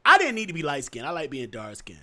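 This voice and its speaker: A man talking in a relaxed podcast chat, telling stories and swinging between an excited high voice and a deep, low one. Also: quick pace. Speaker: podcast co-host. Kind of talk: casual chat.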